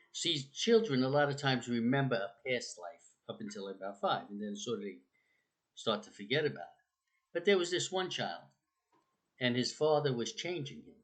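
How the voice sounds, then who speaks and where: A man telling stories in a casual, rambling way, with many fillers and restarts, raising his voice when he acts out quotes. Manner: acts out quotes with raised pitch. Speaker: speaker on the afterlife. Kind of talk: casual storytelling talk.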